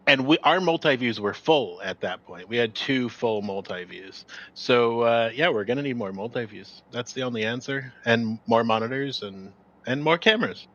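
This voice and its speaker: A man's voice: mid-range voice, expressive, normal speed, a bit bright, highs cut off. A man, the stream's producer, chatting casually and jokingly about his control room. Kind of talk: casual live-stream chat.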